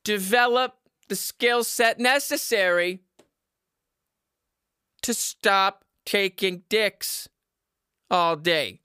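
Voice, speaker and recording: A young man hosting a comedy podcast, yelling and rambling through an unscripted monologue into a microphone in a basement. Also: high voice, extremely slow, long pauses, smooth, dry recording, studio quality. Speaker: podcast host. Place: home basement. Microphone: studio microphone.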